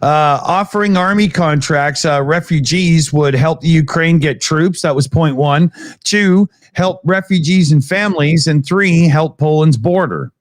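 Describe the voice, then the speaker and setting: A man hosting a casual livestream, reading viewer messages with many pauses and fillers. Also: fairly high pitch, no room sound, clean studio sound.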